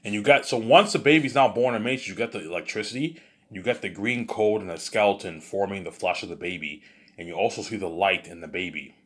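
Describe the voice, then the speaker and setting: A man's voice: lowish voice, fairly quick, breathy edge. A man telling an improvised story in a rambling, boastful way, full of stumbling restarts and repeated filler phrases. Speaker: storyteller, vlogger.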